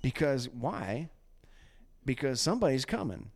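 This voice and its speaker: A man hosting a casual faith podcast, talking in an animated, preachy way and often acting out quotes. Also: medium pitch, a little slow. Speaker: podcast host.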